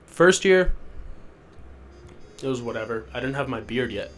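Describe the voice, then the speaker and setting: This sick young podcast host talks fast in a steady, medium-pitched voice, rambling alone in a rented house basement. He's sniffly, loopy, and self-deprecating, and slight background noise is audible.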